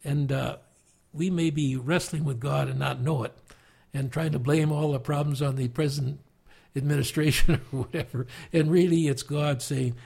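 Gravelly, husky older man recalling revival. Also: a little high, fairly even intonation. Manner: earnest, emotional, with warm chuckles and halting restarts. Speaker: guest preacher. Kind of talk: reflective conversational storytelling.

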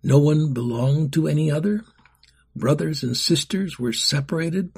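A man's voice: fairly high pitch, moderate pace, gravelly, a little mellow, breathy edge. A man reading a storybook aloud in a dramatic way, often dropping to a whisper. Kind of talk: storybook narration.

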